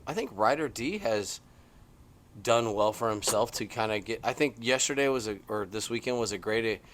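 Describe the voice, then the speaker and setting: A middle-aged man co-hosting a podcast, chatting casually from a porch outdoors and telling stories with excited, swinging emphasis. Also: moderate pace. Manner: animated, excitable storytelling with big swings in pitch. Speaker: podcast co-host. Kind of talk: casual chat.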